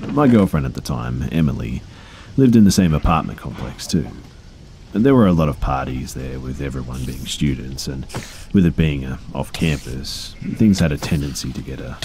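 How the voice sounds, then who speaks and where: Very deep-voiced man telling creepy stories. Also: warm tone, a little hiss or hum. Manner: low-key, conversational storytelling with fillers and profanity. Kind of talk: scripted narration of creepy true stories.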